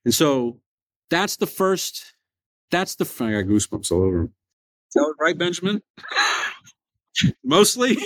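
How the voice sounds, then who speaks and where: A man hosting a motivational podcast, telling a story with loud emphatic peaks and quiet low asides. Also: very animated, measured pace, pauses often, no room sound. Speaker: podcast host.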